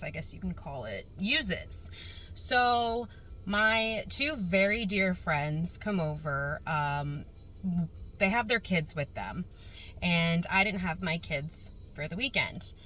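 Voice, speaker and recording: Bright-voiced woman ranting through a story. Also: lowish voice, rough recording. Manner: animated, swears freely, exasperated asides. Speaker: vlogger. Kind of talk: casual storytime rant.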